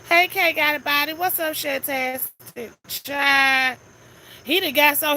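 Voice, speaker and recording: A woman's voice: on the high side, pushed and bright, slight background noise. A woman chatting casually on a live stream, greeting viewers one by one in a sassy, talkative way.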